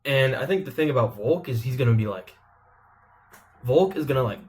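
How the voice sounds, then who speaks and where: A man's voice: medium pitch, expressive, a little fast, darkish tone. A man giving rambling, profane, joking commentary as a channel host. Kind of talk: casual comedic commentary.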